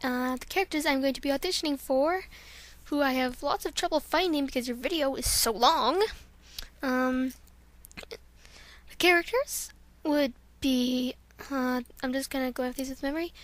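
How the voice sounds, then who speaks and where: A woman's voice: sits high, moderate pace, no room sound. A young woman chatting casually into a close home mic, rambling and self-deprecating between her voice-acting takes. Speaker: amateur voice actor. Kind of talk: casual vlog chat.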